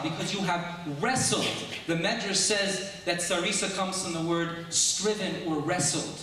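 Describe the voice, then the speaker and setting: A man preaching a sermon as a rabbi, telling stories and posing rhetorical questions with measured emphasis. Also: sits high, bright, forceful tone, slight background noise. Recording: echoey hall, mic far off.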